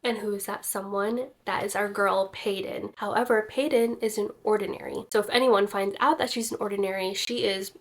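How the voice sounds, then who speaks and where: A woman's voice: mid-range voice, steady tone, fairly quick, hardly any pauses. A young woman chatting casually in a book vlog, gushing and rambling with lots of filler words. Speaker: book vlogger. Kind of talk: casual reading vlog chat.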